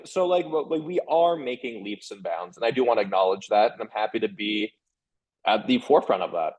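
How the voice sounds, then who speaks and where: Frank, animated man talking candidly. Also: lowish voice, poor audio. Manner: animated, frank, quick restarts and "like" fillers. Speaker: author and sex columnist, guest. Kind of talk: candid conversational interview.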